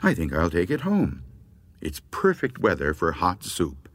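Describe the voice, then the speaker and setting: A man's voice: low voice, huge pitch swings, measured pace, husky, dry recording, full character voice. A man voicing a self-satisfied woman who is pleased with her soup. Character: brisk, unbothered old woman making soup.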